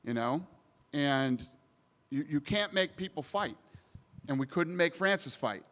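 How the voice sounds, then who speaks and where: A man's voice: fairly high pitch, lively intonation, unhurried, fairly bright tone. A man answering reporters at a press scrum, blunt and emphatic, swearing casually. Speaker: promotion CEO at media scrum. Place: post-event press area. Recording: long hall reverb.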